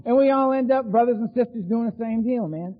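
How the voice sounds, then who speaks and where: A middle-aged man with an animated, laughing storytelling manner, speaking at a recovery meeting. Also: very high voice, a little fast. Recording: phone-like sound in a long-reverb hall.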